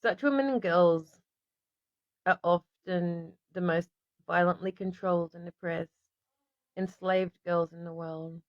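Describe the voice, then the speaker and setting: A woman's voice: on the low side, a little slow, no echo. An Australian woman hosting a casual stream, reading aloud to viewers and often stopping to apologize and restart. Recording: dry, slightly dull lo-fi sound.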